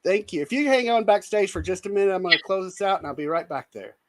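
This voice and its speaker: A man's voice: sits high, expressive, quick pace. A man with a Southern accent hosting an interview, mostly giving short friendly replies and closing the show. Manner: brief affirmations, friendly. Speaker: interview host. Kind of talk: casual interview chat.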